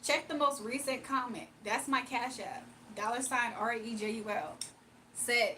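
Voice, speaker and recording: Playful young woman streamer, higher voice. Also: expressive, a little slow, a bit bright, a little hiss or hum, poor audio. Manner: playful, laughs often, reads chat aloud. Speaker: livestream host. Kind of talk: casual livestream chat reading comments.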